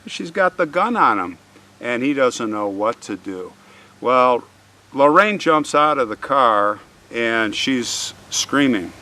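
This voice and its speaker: A man telling a true crime story in a casual, animated way, often acting out what people said. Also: on the low side, distant mic. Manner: animated, conversational, acts out quotes.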